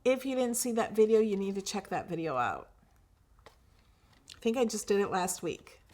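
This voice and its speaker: A woman's voice: mid-range voice, big pitch swings, normal speed, darkish tone. A woman hosting a craft livestream, chatting casually with viewers, gushing over her projects with fillers and restarts.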